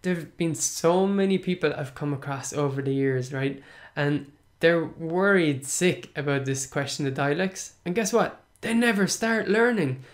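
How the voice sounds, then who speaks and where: A man's voice: fairly high pitch, measured pace. A man from Munster with an Irish accent, hosting a casual podcast lesson and answering listener questions in a chatty, encouraging way that repeats points for emphasis. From Munster, Ireland. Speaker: podcast host and Irish teacher.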